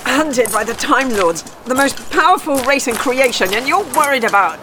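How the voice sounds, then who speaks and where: A wry, skeptical adventurer. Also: female voice, high-pitched, expressive, moderate pace, noisy background. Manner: wry, doubting. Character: wry female adventurer companion, skeptical and practical. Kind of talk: audio drama. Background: music score.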